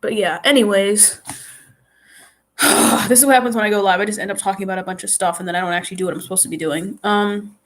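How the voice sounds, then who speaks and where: A woman's voice: medium pitch, fairly even intonation, fast talker. Chatty stuffy-nosed woman rambling on a live stream. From New York. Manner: chatty, rambling, restarts sentences often. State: stuffy, runny nose.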